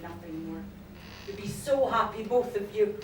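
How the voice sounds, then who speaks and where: A woman playing a proud, stern mother with solemn, measured lines in an amateur stage play, recorded from far off in an echoey hall. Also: mid-range voice, natural voice. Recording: echoey hall from far off, noisy VHS tape.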